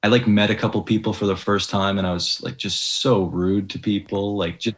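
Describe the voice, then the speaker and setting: A man's voice: on the low side, level tone, fairly quick. A young man, an Olympic ski jumper, talking casually as an interview guest, hesitant with many likes and restarts.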